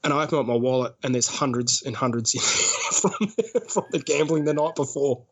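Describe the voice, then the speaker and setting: An Australian man, a guest on a podcast, rambles through a casual story and laughs often as he goes. His voice is medium in pitch with fairly even intonation, and he talks a little fast.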